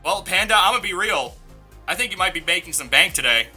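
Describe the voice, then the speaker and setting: Man, esports caster, casual blunt banter, very bright tense tone. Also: sits high, expressive, fast talker, breathy edge, faint music behind. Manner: casual, blunt, swears freely. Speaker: esports caster and stream host. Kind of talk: live esports casting banter.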